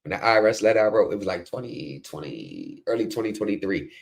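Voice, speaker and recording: A man's voice: lowish voice, fast talker, vocal fry. A man hosting a casual commentary chat, telling stories and acting out the people he quotes. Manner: animated storytelling, acts out quoted people. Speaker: host.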